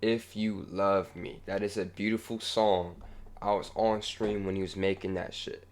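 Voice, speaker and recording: A young man running a music channel, talking casually in a rambling, profane way that moves from low mumbling to heated ranting. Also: level tone, moderate pace. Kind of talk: casual reaction vlog.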